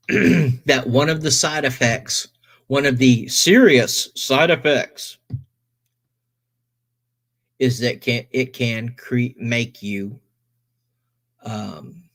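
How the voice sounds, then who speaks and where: Slow-talking man telling a story. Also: mid-range voice. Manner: animated, swears, quotes people in his own voice. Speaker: stream host telling a personal story. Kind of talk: casual storytelling.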